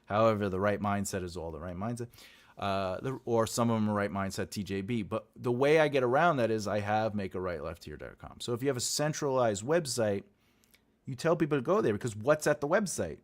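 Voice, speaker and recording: Animated rambling male live-stream host. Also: lowish voice, fairly quick. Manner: rambling, animated, laughs often, acts out quotes. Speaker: writing teacher and show host. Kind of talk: live-stream chat with viewers.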